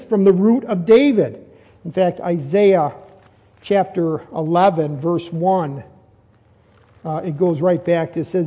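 A man's voice: high voice, mellow, in a large hall, dull audio. A man preaching an expository sermon, earnest and repeating phrases for emphasis as his voice rises on key points.

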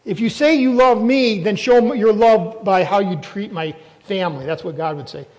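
A man's voice: high-pitched, moderate pace, darkish tone, in a large hall, poor audio. A man preaching a sermon as a pastor, emphatic and throwing questions at the congregation.

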